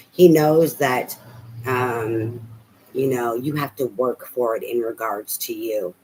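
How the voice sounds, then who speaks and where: A tarot reader talking through a love reading in a loose, casual way, blunt and full of swearing. The voice sits at an ordinary middle pitch. A faint ambient hum stays underneath. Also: poor audio. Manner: blunt, profane, animated.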